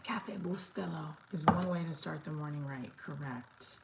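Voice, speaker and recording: A woman's voice: sits low, a little slow, creaky, heavy background noise. A woman in her thirties chatting casually to viewers in a home kitchen while making coffee, rambling and talking as she works. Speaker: vlogger. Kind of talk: casual livestream chat.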